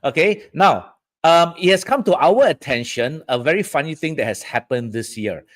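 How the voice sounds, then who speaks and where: A man's voice: on the high side, lively intonation, moderate pace. A man from Southeast Asia hosting a live-streamed feng shui talk, chatty and often checking in with "all right" and "okay, guys".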